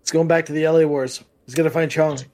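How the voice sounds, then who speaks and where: An Australian man with a notably high voice who trades quips on a casual movie podcast. His remarks come short and joking. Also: steady tone, fast talker, darkish tone. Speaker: podcast co-host.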